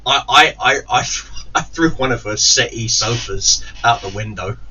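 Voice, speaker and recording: A man with a mid-range, bright, forceful voice rants through a long, angry story as a gaming YouTuber. Swearing constantly, he stumbles, restarts and mimics quoted people with raised voices, recorded on a distant, muffled mic with faint hiss.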